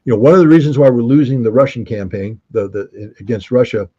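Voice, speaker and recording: Husky, dark-voiced American man; forceful guest pundit who argues with rhetorical questions. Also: medium pitch, fast, highs cut off. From United States. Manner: emphatic and argumentative, fond of rhetorical questions. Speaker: guest commentator. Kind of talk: opinionated interview commentary.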